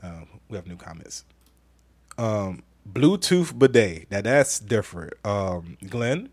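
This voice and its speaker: A man's voice: lowish voice, very animated, takes it slowly, no room sound. A man hosting a casual podcast live stream, reading out viewer comments with a playful, laughing manner. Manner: laughing, playful, repeats phrases. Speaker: podcast host.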